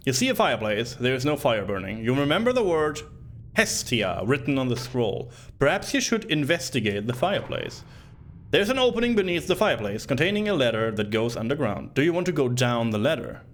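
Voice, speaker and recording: A man's voice: medium pitch, sing-song, moderate pace, slight background noise. A man streaming a retro game, reading the on-screen text aloud and cracking joking asides in casual commentary.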